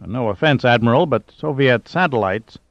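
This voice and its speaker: A man's voice: mid-range voice, animated, normal speed, no room sound, close to an everyday voice. A man voicing a displeased naval commander who talks in a clipped, formal way. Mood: stiff. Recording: dull dry lo-fi audio.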